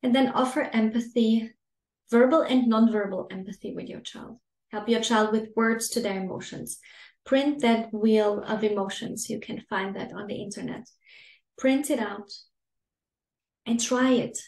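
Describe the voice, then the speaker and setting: Gentle woman coaching in a roomy space. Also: fairly high pitch, unhurried. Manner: calm, gentle, soothing delivery with acted-out parent lines. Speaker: parenting coach. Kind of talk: masterclass talk to parents. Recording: roomy echo.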